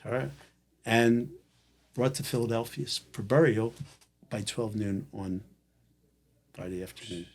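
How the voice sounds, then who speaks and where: A man's voice: medium pitch, measured pace, long pauses. A man telling a long personal story in casual conversation, acting out the lines of the people in it. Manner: animated storyteller acting out quoted dialogue. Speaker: guest.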